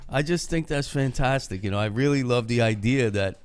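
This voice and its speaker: A man's voice: mid-range voice, fairly quick, smooth. A man hosting a casual podcast, talking loosely and profanely about working in the trades. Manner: loose, profane, laughs often. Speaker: podcast host.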